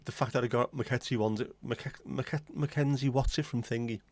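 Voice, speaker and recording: A man's voice: medium pitch, fairly even intonation, moderate pace, a little mellow, no room sound. A man in his forties from England, chatting casually as a livestream host, opinionated and blunt, rambling from one aside to the next. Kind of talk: casual chat.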